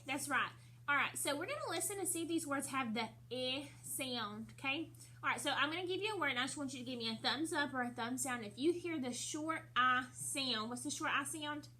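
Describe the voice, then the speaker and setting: A young woman teaching a recorded phonics lesson to first graders, drilling letter sounds slowly and repeating each word. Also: high voice, animated, sharp tone, slight background noise.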